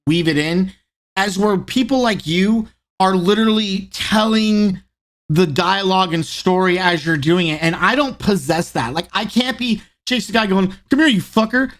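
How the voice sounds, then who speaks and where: A male podcast host in casual chat, talking in an animated way and mimicking others when he quotes them. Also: sits high, normal speed.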